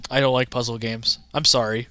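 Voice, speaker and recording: Bright-voiced man rambling about games. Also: medium pitch, flat delivery, no echo. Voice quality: halting, many restarts and fillers. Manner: frank, offhand opinions. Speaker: gaming content creator. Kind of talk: casual rambling commentary.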